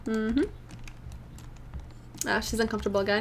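Faint music plays behind a young woman whose voice is a little high, animated and fairly bright, slow-paced with frequent pauses. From her room at home, this gaming host chats through a life-sim game, upbeat and rambling, voicing her reactions as she goes.

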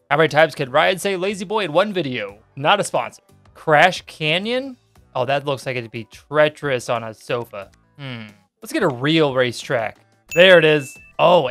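A young man from the United States hosting his gaming channel, giving jokey let's-play commentary and bursting into yelps and shouts. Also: on the high side.

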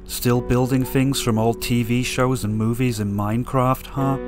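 A man doing a tired American woman in a mock-dramatic skit, blunt and worn out as she confronts an old friend. The voice sits in an ordinary middle pitch for a man. A faint musical score plays underneath. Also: level tone, measured pace, over music, lightly acted. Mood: weary, blunt. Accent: put-on American.

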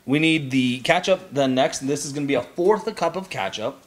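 A man's voice: on the high side, moderate pace. A man hosting a casual cooking show in a home kitchen, chatty and jokey as he gives step-by-step instructions.

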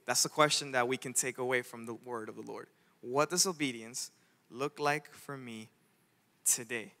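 A man preaching a sermon as a pastor, animated, acting out the voices of the figures in his story. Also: medium pitch, moderate pace. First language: Spanish. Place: church sanctuary. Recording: church hall with long reverb.

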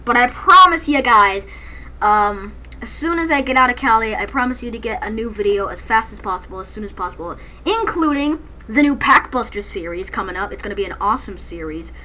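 A woman hosting a gaming channel, giving excitable, jokey let's-play commentary from a dark room at night and breaking into snatches of song. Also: a little high, a little fast, a little hiss or hum, poor audio.

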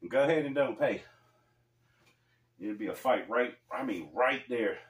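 A man's voice: medium pitch, animated, a little slow. Laid-back slangy man, echoey room. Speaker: storyteller host. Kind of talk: casual storytelling vlog. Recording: echoey room, mic far off.

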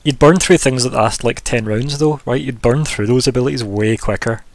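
A man's voice: mid-range voice, moderate pace, no room sound. A man as game master of a tabletop game, chatting casually and throwing in sound effects.

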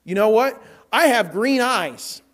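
High-voiced animated male pastor preaching. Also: slow. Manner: animated, acts out quotes, repeats words. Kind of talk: sermon. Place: church.

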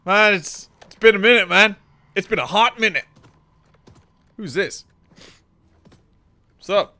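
A man's voice: high-pitched, measured pace, bright, forceful tone, no echo. A young man giving rowdy, joking let's play commentary, swearing and bantering at the game. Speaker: gaming YouTuber.

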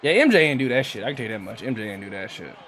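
A man's voice: medium pitch, sing-song, racing, a bit bright, a little hiss or hum. A man streaming a football video game, talking loosely to his chat and friends while he plays. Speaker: gaming streamer. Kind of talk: live stream gameplay commentary.

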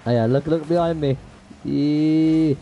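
Live-streaming a game, a man gives casual commentary straight to chat, full of slang and "bro," swearing and raging at plays, then saying sorry. He has a mid-range voice with lively intonation at normal speed, and the recording is muffled with slight hiss or hum.

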